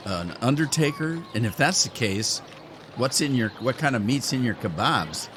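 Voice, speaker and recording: A man's voice: mid-range voice, animated, moderate pace, a bit bright, a little hiss or hum. A man giving casual, joking commentary over a game walkthrough. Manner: joking, chatty. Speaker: gaming YouTuber.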